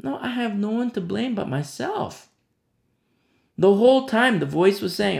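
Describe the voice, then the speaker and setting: A man preaching a sermon in a relaxed, storytelling way, often saying "you know". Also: sits high, measured pace, creaky, roomy sound.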